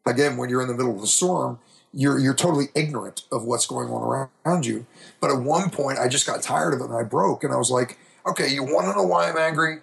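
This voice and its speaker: Middle-aged male guest, gravelly fry in the voice, earnest and reflective, restarts a lot. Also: medium pitch, fast. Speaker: podcast guest. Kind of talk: candid storytelling interview.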